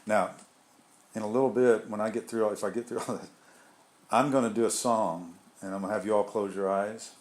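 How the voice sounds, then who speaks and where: A man's voice: on the low side, fairly even intonation, a little fast. A man giving an informal spiritual talk to a group, rambling and conversational with frequent restarts and asides. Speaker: group leader.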